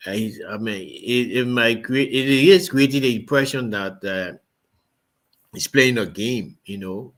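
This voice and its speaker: A man's voice: mid-range voice, unhurried, fairly bright tone. A man speaking as a regular panelist on a live talk show, hesitant and full of restarts. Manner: hesitant, many fillers and restarts.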